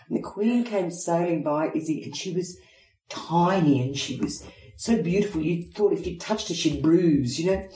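A woman's voice: fairly low pitch, moderate pace, warm tone, slight background noise. A middle-aged Australian woman, a head of acting, telling anecdotes in an interview and acting out the lines of people she quotes. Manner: theatrical storyteller, acts out quotes. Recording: roomy echo.

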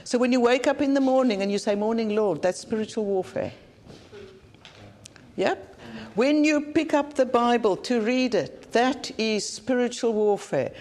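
A woman's voice: a little high, a little slow, a little mellow. A South African woman preaching a conference sermon in an earnest, plain-spoken way, often repeating phrases for emphasis. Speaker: conference speaker.

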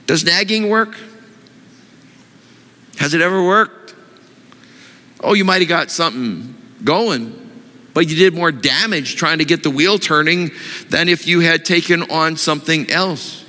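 Pastor guy preaching, bright slightly high voice, echoey hall. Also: measured pace, long pauses. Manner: animated, questioning the congregation. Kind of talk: sermon.

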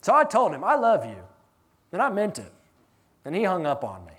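A man preaching a sermon as pastor, animated, swinging between loud emphatic lines and hushed ones, laughing through his stories. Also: high-pitched, moderate pace, slight background noise.

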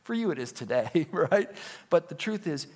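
A male pastor delivering a sermon with a fairly high voice that rises and falls a lot. He acts out the quoted dialogue, swinging from loud, raised lines down to hushed asides. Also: sing-song, moderate pace.

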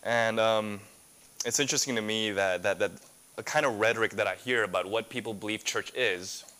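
A man's voice: on the low side, fairly quick, pushed and bright. A man preaching a sermon as a pastor, earnest and full of rhetorical questions.

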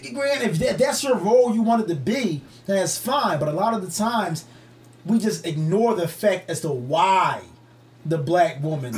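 Animated, high-voiced young man. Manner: animated, profane storytelling with put-on quotes. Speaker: podcast co-host. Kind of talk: casual podcast banter.

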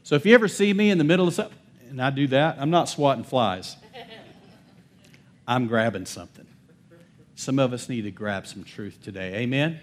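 A man preaching a sermon as pastor. He calls for responses from the congregation, and his delivery swings between loud declarations and soft, hushed lines. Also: medium pitch, moderate pace, long pauses. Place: church service.

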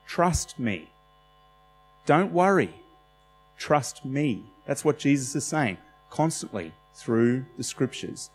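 A man preaching a conversational sermon, animated and laughing often as he talks. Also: a little high. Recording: hall reverb with faint music.

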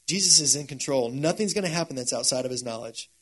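Animated, casual man preaching a sermon. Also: mid-range voice, fast, hardly any pauses, slightly rough. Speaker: pastor.

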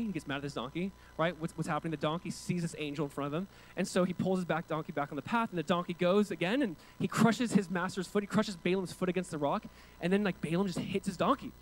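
A male pastor delivers a sermon at a quick clip, his voice sitting high for a man. He tells the scripture story with animated energy, acting out the characters and asking the congregation to repeat key words. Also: low-quality recording. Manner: emphatic preaching with call-and-response.

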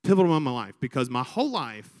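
A man from Alabama with a Southern American accent, a priest preaching a sermon and telling stories with lively crowd imitations. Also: mid-range voice, rapid-fire, big-room sound. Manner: animated storyteller, imitates crowds. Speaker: priest, vocation director. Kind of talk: sermon with storytelling.

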